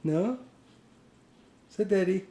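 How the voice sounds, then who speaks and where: A man's voice: sits high, expressive, slow, mellow, roomy sound. A father coaxing his baby to say words, teasing and laughing. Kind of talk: playful chat with a baby.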